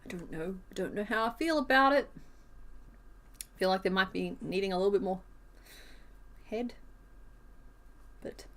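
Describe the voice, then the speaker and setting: A woman's voice: medium pitch, expressive, moderate pace, long pauses, a bit bright. A woman chatting casually on a crochet live stream, counting stitches half under her breath and laughing easily. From Western Australia.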